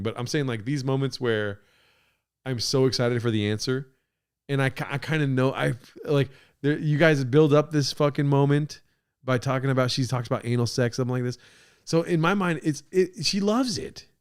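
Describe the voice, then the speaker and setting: A man hosting a podcast, reacting to a clip with crude, excitable, rambling commentary. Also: medium pitch, clean tone. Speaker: podcast host.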